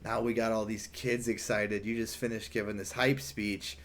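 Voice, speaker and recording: A young man voicing his teenage buddy in a low, hushed, uneasy mutter. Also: level tone, moderate pace, natural voice.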